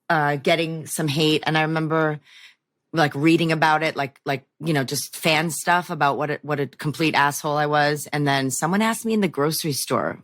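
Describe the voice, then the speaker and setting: Brief: low-pitched woman guest, chatty and self-mocking, dry room. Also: no room sound. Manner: chatty, self-deprecating storyteller. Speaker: guest actor. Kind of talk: casual podcast chat.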